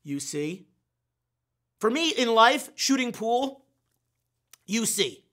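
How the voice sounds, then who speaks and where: A man with a bright, ringing voice gives a motivational sales training talk as host. He is animated and pokes fun at himself, acting out his own frustrated inner voice. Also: very high voice, takes it slowly. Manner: animated, acts out his own inner voice, self-deprecating humor.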